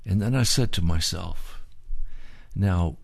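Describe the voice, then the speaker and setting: Older male pastor, gravelly low voice, slow earnest sermon delivery. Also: darkish tone. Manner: slow, earnest preaching with drawn-out pleas.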